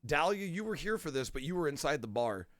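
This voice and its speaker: A man's voice: a little high, quick pace, no room sound, studio quality. A young man hosting a podcast, telling chatty anecdotes in casual conversation. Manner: lively, chatty anecdote-teller. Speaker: podcast host. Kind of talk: casual chat.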